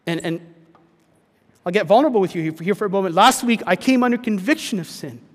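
A man preaching a sermon as pastor, earnest, dropping to a hush and then rising to emphatic points. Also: high-pitched, expressive, a little fast, in a large hall. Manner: earnest, swings between hushed and emphatic.

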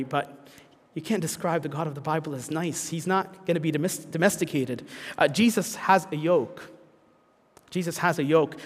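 A man's voice: on the high side, in a large hall. A man preaching a sermon in an earnest way, with frequent restarts and fillers. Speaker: pastor.

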